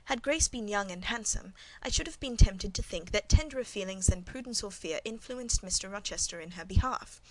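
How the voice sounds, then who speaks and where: A woman reading a classic novel aloud as first-person scripted narration, measured and even. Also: medium pitch, rough recording. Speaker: audiobook narrator.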